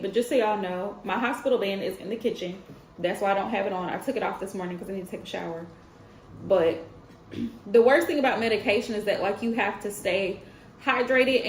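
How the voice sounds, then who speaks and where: A woman in her thirties hosts a tarot stream and tells a personal story in a casual, chatty way. Her mid-range voice carries some room echo, with a faint hum of ambience behind it. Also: mid-range voice. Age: 30s. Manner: chatty, addresses viewers as y'all, laughs often.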